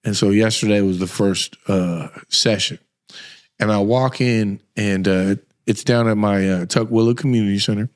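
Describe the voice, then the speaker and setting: Rambling, animated male podcast host. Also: fairly low pitch, moderate pace. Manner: rambling, animated storytelling with many restarts. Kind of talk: casual conversation.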